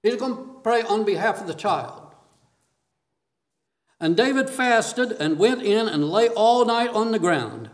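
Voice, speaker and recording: A man's voice: high voice, sing-song, unhurried. A man preaching a sermon, reading scripture aloud and asking questions of his listeners.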